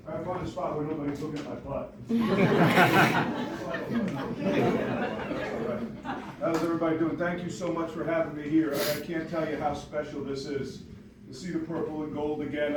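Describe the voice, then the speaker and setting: A man in his forties from New York, telling a personal story to an audience in a joking, lively way. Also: on the high side, heavy background noise. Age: 40s. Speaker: motivational speaker. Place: large hall with audience. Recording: echoey hall from far off.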